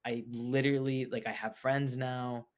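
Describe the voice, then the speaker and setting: A young man in casual podcast conversation, recounting his own story. He talks in a mid-range voice, full of "like" and quoted dialogue. The delivery stays loose and animated. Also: medium pitch, normal speed. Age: young adult. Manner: animated, quotes himself, heavy use of "like". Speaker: podcast guest.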